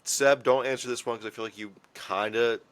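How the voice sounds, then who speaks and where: Dude hosting sports trivia on a podcast, dry and teasing, low key. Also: male voice, fairly even intonation, a little fast, clear, resonant tone. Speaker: podcast host running trivia. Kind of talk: casual sports chat.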